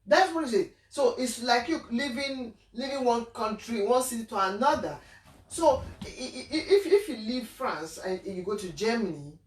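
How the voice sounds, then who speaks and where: Woman host, Igbo Nigerian accent, animated chat, echoey room. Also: on the high side, normal speed. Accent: Nigerian Igbo English. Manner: animated, repeats words, laughs often. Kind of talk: casual discussion. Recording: echoey room, mic at a distance.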